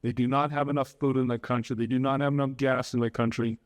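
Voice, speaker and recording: A man's voice: mid-range voice, level tone, fast, clean tone. A man hosting a podcast, talking earnestly and with strong opinions in casual political chat. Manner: earnest and opinionated, switches into Spanish to interview. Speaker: podcast host.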